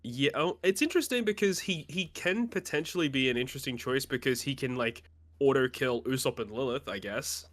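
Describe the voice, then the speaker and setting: A man's voice: mid-range voice, brisk. Laid-back young man weighing in. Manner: relaxed, analytical, hedges with ums. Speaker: podcast co-host. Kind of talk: casual chat.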